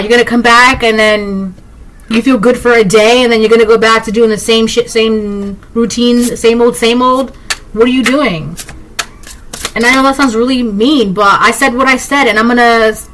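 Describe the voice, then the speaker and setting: A woman's voice: fairly high pitch, normal speed, a bit bright, slight background noise, low-quality recording. A woman giving a collective tarot reading, blunt and emphatic, repeating herself and talking straight to the viewer. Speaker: tarot reader.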